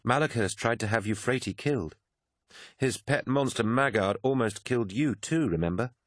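A man reading an audiobook, voicing a woman remembrancer who is anxious and stubborn, with an urgent, protesting manner and a husky edge. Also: medium pitch, animated, normal speed, no echo, clean studio sound, pitched above the performer's own voice, close to an everyday voice. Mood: alarmed, insistent.

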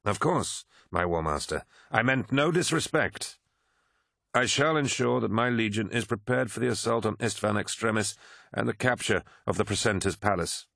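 A man's voice: lowish voice, lively intonation, creaky, a bit bright, no room sound, studio quality, voice pushed up, full character voice. A man voicing a haughty, courtly lord commander. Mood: deferential. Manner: reasonable-sounding, slow, courtly. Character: haughty male lord commander, proud and smooth-tongued. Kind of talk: audiobook character voice.

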